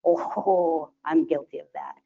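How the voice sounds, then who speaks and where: A woman presenting to a live conference audience, chatty and animated, laughing often and acting out quotes. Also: sits low, slow. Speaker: conference presenter, sterile processing educator. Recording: dull lo-fi sound.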